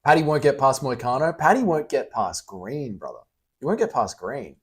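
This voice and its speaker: A man's voice: medium pitch, animated, normal speed, slightly rough. A young Australian man casually chatting on a livestream, reading out and answering chat messages with blunt, teasing, sweary banter.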